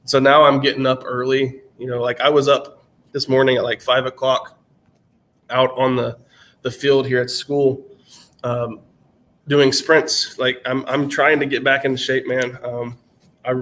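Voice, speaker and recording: A channel host in his twenties with a general American accent chats casually on a live stream, answering questions from chat. His worn-out voice sits mid-range with little pitch movement and a slightly bright quality, and he rambles at a measured pace with many fillers and restarts.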